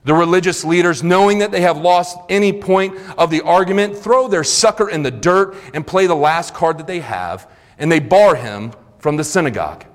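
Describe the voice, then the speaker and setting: A man's voice: on the high side, moderate pace. A man preaching a sermon in a church sanctuary, retelling scripture earnestly with conversational asides. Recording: long reverb of a large hall.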